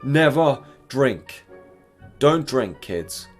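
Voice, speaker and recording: A man's voice: medium pitch, big pitch swings, very slow. A twenty-one-year-old man giving an exaggerated, profane, mock-dramatic comic review, with faint music behind him. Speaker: vlogger reviewing candy.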